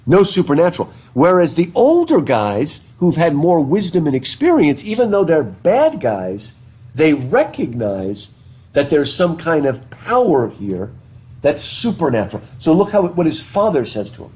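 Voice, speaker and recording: Speaking a little slowly, a literature teacher with a fairly high, slightly mellow voice and big pitch swings lectures casually and chats with his class. He asks students questions and begins sentences again with repeated words. The live classroom recording comes through his face mask.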